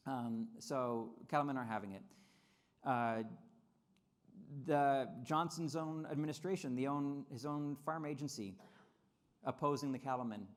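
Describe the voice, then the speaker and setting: A man giving a lively convention speech on trade history, often repeating words and acting out quotes in mocking voices. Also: mid-range voice. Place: convention hall.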